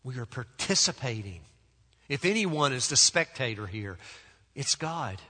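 Male pastor, sermon, bright forceful voice, long church reverb, emphatic with deliberate pauses. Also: big pitch swings. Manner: emphatic, deliberate pauses, drops to soft low tones. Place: church sanctuary.

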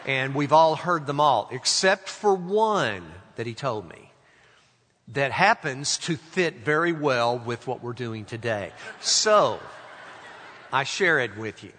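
Male pastor, sermon, bright clear voice, long church reverb. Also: mid-range voice, animated. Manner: acts out voices in anecdotes, slows for emphasis. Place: church sanctuary.

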